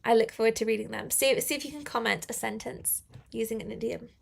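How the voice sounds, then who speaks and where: A woman's voice: on the high side, fairly even intonation, fast, vocal fry, a little hiss or hum. A young woman teaching an English lesson on a live stream, chatty and upbeat, laughing often.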